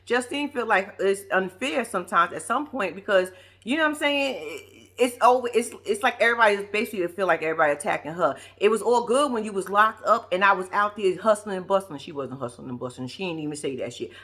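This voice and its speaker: A woman's voice: medium pitch, expressive, fast talker, fairly bright tone, breathy edge. A young woman from New York giving casual, profane reaction commentary as a vlogger, laughing and acting out the people she talks about. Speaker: reality TV recap vlogger.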